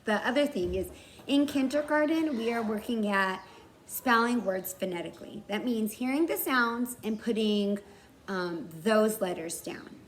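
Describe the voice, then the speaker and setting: Slow, patient kindergarten teacher, woman. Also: on the high side, slight background noise. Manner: slow and patient, sounding out words carefully. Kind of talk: recorded writing lesson for young children. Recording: roomy, from far off the mic, faint background ambience.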